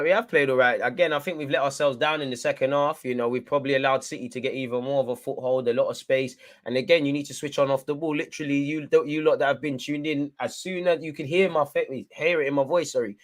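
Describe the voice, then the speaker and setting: Excitable young man, fan commentary. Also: fairly high pitch, quick pace, few pauses. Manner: excitable, urges players on, swings between frustration and hype. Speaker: fan commentator hosting a live match watchalong. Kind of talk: live football watchalong commentary.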